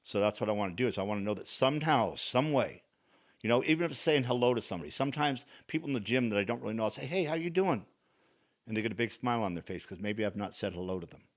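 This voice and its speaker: A man's voice: lowish voice, rapid-fire. A man on a podcast talking in a folksy, preachy way, repeating his phrases. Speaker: podcast co-host. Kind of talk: casual chat.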